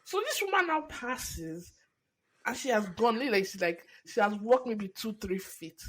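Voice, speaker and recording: Young woman podcast co-host, high lively voice, animated storyteller who laughs often. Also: a little slow, slightly rough. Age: 20s. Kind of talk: casual chat.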